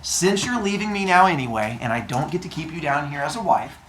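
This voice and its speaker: A man's voice: a little high, big pitch swings, brisk, a bit bright, slight background noise. A man voicing a lovesick god of the underworld who pleads in a wheedling way, in an echoey classroom.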